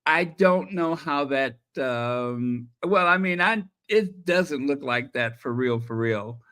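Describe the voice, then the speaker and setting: A man's voice: mid-range voice, expressive, slow, bright, forceful tone, clear, resonant tone. A man hosting a casual livestream, chatting and reacting to viewer messages with many fillers. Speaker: channel host.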